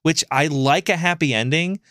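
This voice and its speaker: Rambling, animated podcast co-host man. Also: on the high side, moderate pace, dry recording, studio quality. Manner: animated, rambling storytelling with frequent fillers and swearing. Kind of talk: casual podcast chat.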